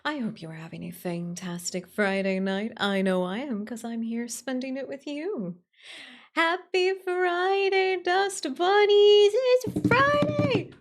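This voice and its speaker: A woman streamer in casual livestream chat, excitable, swearing freely and swinging between squeals and grumbles. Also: fairly high pitch, slight background noise.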